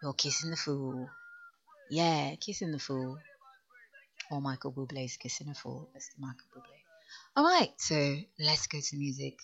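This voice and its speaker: A woman's voice: rumbling low, lively intonation, moderate pace, a bit bright. A woman hosting a late-night radio show, talking frankly and with a teasing edge between songs. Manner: frank and teasing, laughs at listeners' views. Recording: muffled lo-fi radio broadcast.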